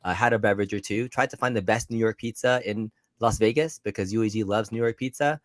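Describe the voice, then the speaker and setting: Tired, low-voiced man chatting casually. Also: fast, no echo. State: tired, short on sleep. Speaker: podcast co-host. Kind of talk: casual chat.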